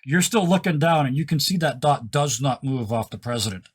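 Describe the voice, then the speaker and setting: A man runs a tabletop role-playing game, setting the scene for the players with enthusiasm. He throws in quick asides as he narrates. His voice sits at a middle pitch. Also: lively intonation, slightly rough. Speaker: game master.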